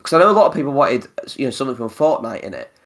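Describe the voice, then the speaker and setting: A man's voice: medium pitch, sing-song, rapid-fire, a bit bright. Chatty man swearing on a podcast. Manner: chatty, swears a lot, many fillers and restarts. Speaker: podcast host. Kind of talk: casual chat.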